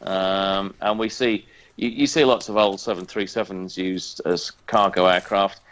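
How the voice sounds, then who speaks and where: A man's voice: sits low, fairly even intonation, measured pace, fairly bright tone. A man chatting casually as a podcast co-host, hesitant with many ums and a dry sense of humour. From northern England. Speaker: podcast co-host, airline pilot. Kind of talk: casual chat.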